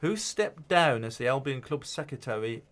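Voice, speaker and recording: A man's voice: mid-range voice, lively intonation, moderate pace, a bit bright. A man presenting a local radio show in a studio, interviewing a guest in an encouraging, agreeable way and running a quiz.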